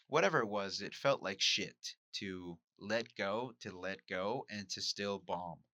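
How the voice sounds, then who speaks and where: A man from Mexico thinks out loud in a candid solo podcast monologue, questioning himself as he goes. His voice sits a bit low but has a sharp, forceful edge. The sound is dry, with no room echo. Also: measured pace. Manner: musing, self-questioning, candid. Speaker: podcast host and amateur stand-up comic.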